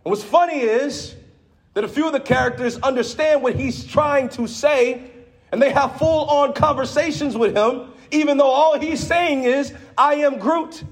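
A man. He moves from soft, low teaching into loud call-and-response shouts. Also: moderate pace. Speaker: preacher. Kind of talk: sermon.

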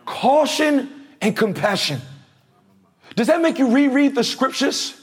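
High-voiced energetic male preacher. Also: a little slow. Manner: energetic, preaching with calls to the congregation. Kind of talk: sermon. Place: church before a congregation.

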